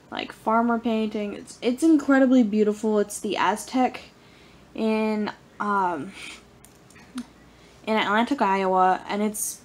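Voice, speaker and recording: Slow-talking young woman vlogger. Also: mid-range voice. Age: young adult. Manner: rambling and playful, lots of "like" and "y'all". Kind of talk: casual vlog diary.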